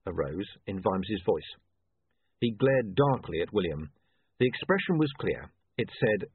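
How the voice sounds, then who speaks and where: A man narrating an audiobook in an expressive, lively way. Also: fairly low pitch, a little fast, slightly rough, no room sound. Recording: tinny, dry, phone-like sound.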